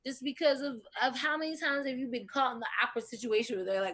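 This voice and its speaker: A woman's voice: on the high side, steady tone, quick pace. Heated, emphatic woman with a raised voice. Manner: heated, emphatic, rising to shouts when outraged. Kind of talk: casual group discussion.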